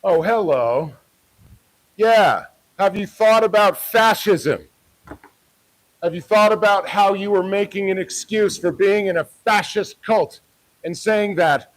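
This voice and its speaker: A man filming a street vlog, switching between low muttered asides to the camera and sarcastic, mock-formal heckling. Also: slow, low-quality recording. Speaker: protester filming himself.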